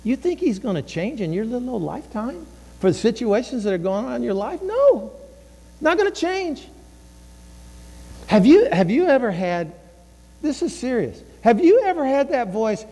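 A man's voice: very high-pitched, sing-song, brisk, vocal fry, dark tone, breathy edge, long reverb tail. A man preaching a sermon as a pastor, emphatic and repeating his phrases, sometimes voicing inner thoughts.

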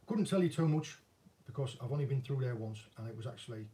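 Northern English fisherman, easygoing self-deprecating chatter, warm low-key voice, recorded a little off-mic. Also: lively intonation, fast talker, slight background noise. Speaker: angling vlogger and former commercial fisherman. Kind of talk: casual viewer Q&A chat. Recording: voice a bit distant from the mic.

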